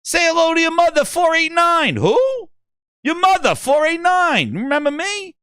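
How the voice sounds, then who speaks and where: A man voicing a pushy, loud young male gamer influencer who brags about his badge. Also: very high voice, animated, normal speed, dry recording, clean studio sound, pitched above the performer's own voice, full character voice. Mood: shouting. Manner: brash, pushy bragging.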